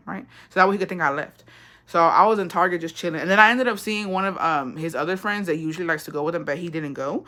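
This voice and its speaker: A young woman with a bright, forward voice tells a story in casual, blunt chat. She swears freely and mixes in Spanish phrases. She acts out both sides of an argument as she talks. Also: lowish voice, fast.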